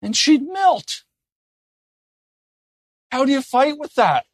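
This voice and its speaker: A man preaching a sermon in an earnest way, often dropping to a soft, gentle tone. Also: very high voice, big pitch swings, slow pace, no echo, clean studio sound. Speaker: pastor.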